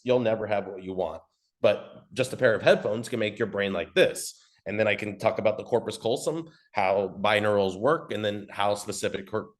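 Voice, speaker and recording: Teaching ad marketing in a loose, rambling way, a man with a voice on the low side occasionally curses and briefly imitates customers in mocking voices.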